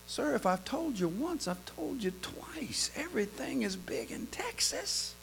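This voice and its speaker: A man voicing a blunt small-town Texas waitress who answers flatly, in a lower, softer voice than his narration. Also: unhurried, gravelly, a little hiss or hum, exaggerated voice. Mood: matter-of-fact.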